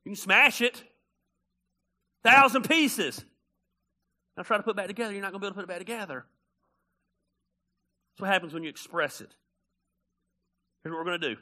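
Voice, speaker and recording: A male pastor preaching a sermon, animated and conversational, blunt and joking, swinging from loud bursts to quiet asides. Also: high voice, a little fast, pauses often.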